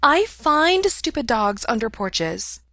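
A woman's voice: fairly high pitch, big pitch swings, sharp tone, no echo, studio quality, pitched above the performer's own voice, exaggerated voice. A woman playing a haughty, aloof cat. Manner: slow, clipped, dismissive. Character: aloof female cat, dry and superior.

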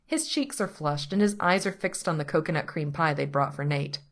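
A woman narrating a story aloud in an even, unhurried manner. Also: low voice. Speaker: story reader. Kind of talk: reading fan fiction aloud.

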